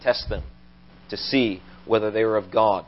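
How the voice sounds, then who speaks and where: Male preacher telling sermon stories with animated delivery, dull low-fi church recording. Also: normal speed. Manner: animated storytelling, rising to loud acted quotes.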